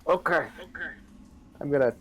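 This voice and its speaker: A man's voice: a little high, a little slow, fairly bright tone. A man playing a tabletop game, plainly declaring what his character does. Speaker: player.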